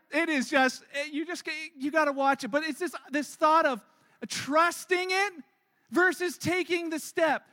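A middle-aged male pastor with a strikingly high, bright voice preaches a sermon. He tells stories with energy and acts out the people in them, getting loud at the peaks. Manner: storytelling, animated, acts out quotes with rising loudness.

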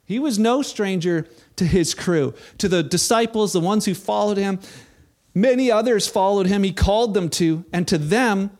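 A man preaching a sermon, telling the story in a casual, animated way and acting out the people in it. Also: high-pitched, normal speed. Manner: animated storytelling, acts out quoted voices. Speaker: pastor.

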